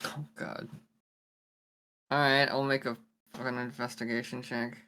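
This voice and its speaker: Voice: medium pitch, little pitch movement, brisk, sharp tone, smooth. Casual joking player, mid-range voice, describing character actions. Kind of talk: tabletop game play.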